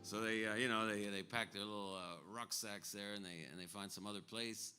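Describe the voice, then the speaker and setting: A man's voice: lowish voice, fairly even intonation, a little fast, music in the background. A man on stage telling a long story in a loose, rambling way between songs. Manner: rambling, loose, full of fillers and asides. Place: live music venue.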